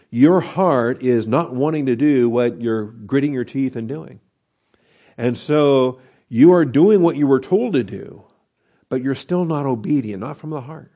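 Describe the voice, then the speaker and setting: A man preaching an expository Bible lesson, often pausing to check that listeners follow with a quick "okay?". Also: medium pitch, mellow. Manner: explanatory teaching, frequent "okay?" checks, filler restarts. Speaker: pastor teaching a Bible study. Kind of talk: expository sermon.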